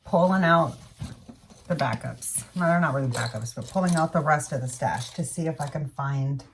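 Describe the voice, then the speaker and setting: A woman's voice: deep voice, moderate pace, distant mic, noisy background. A woman beauty vlogger talking casually through her makeup routine, rambling and correcting herself with murmured asides. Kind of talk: casual makeup tutorial chat.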